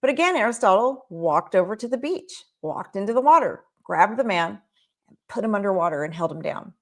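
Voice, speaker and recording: A woman's voice: mid-range voice, expressive, a little fast. Emphatic woman giving a motivational talk. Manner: emphatic, repeats rhetorical questions. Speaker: child care business coach.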